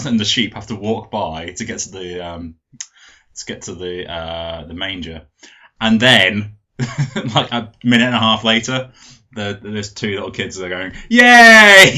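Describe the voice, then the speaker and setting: A man's voice: fairly low pitch, pushed and bright. A man, a teacher co-hosting a casual chat, teasing and laughing often. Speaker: podcast co-host, primary school teacher. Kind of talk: casual banter. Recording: dull lo-fi sound.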